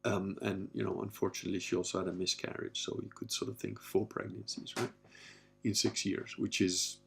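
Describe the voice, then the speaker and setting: A man's voice: low voice, level tone, brisk, gravelly, a bit bright, soft background music. A man in his fifties talking candidly in a rambling casual monologue, blunt and given to swearing. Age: 50s. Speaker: podcast host.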